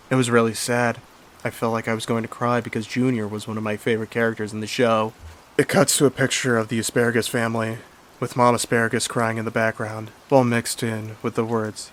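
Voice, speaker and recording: A man's voice: medium pitch, little pitch movement, fairly quick, slight background noise. A man narrating a horror story in a plain, earnest storytelling manner. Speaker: creepypasta narrator. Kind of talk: story reading.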